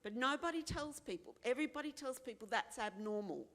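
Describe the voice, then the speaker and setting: A woman's voice: a little high, lively intonation, a little fast, fairly bright tone, long reverb tail. An Australian woman speaking frankly and earnestly at a forum, repeating phrases for emphasis and acting out the voices of people she quotes. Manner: acts out other people's voices when quoting. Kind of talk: candid personal talk at a forum.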